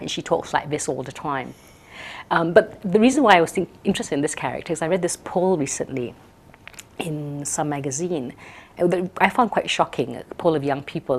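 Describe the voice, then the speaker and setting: A woman's voice: low-pitched, husky. A woman from Malaysia, a performer chatting casually in an interview and laughing often.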